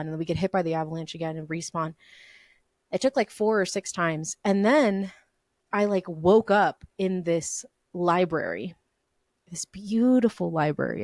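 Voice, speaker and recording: A woman's voice: lowish voice, dry recording, clean studio sound. A young woman hosting a podcast, casually telling her dream stories and filling them with "like" and "um". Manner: chatty, lots of "like" and "um", laughs often. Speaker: podcast host. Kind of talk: casual solo storytelling.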